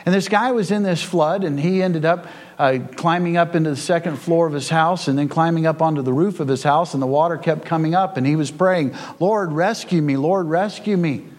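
A man's voice: fairly high pitch, a little fast, hardly any pauses. A male pastor preaching a sermon in a church, with folksy storytelling and frequent repetition.

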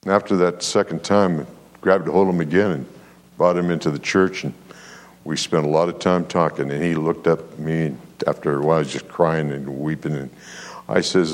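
A man with a rumbling low voice preaches a sermon as pastor, and a long reverb tail trails his words. He tells an animated story and calls for amens from the congregation in call-and-response fashion.

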